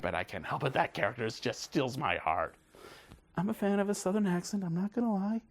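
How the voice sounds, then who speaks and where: A man hosting a casual film review video, talking in a gushing, excited way. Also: on the high side, brisk, gravelly.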